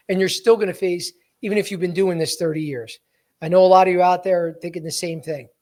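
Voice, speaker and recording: A man hosting a podcast as a sales coach, talking bluntly to his listeners and calling them guys. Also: high-pitched. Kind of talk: energetic coaching talk.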